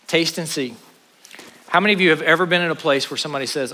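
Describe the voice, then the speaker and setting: A man preaching a sermon with dynamic delivery, rising to loud exclamations and dropping to hushed asides. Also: a little high, fairly even intonation, quick pace. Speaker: pastor. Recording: long hall reverb.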